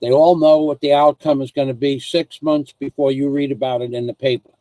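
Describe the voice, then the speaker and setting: A man on a casual livestream, wandering through a long story in a mid-pitched voice that sits close and dry on the mic. He trips over his own sentences, doubles back on details and slips in asides to his viewers as he goes. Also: little pitch movement, fairly quick, warm tone, no echo, low-quality recording. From United States. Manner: rambling storyteller, restarts and asides. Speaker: vlogger.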